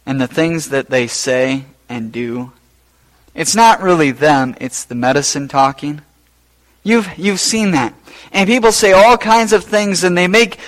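A man preaching a sermon as pastor, rising to loud emphatic peaks and then dropping low and quiet. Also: low-quality recording.

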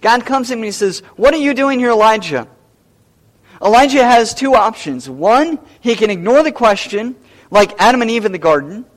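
A man's voice: high voice, sing-song, a little fast. A man preaching a sermon as pastor, emphatic and repeating key phrases.

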